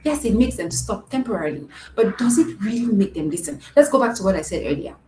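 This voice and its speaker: Fast-talking with lively intonation, a woman whose medium-pitched voice is a little mellow coaches parents over a live stream. She is earnest, goes over points more than once, and keeps checking in with "right?" The room echoes, with faint noise behind her.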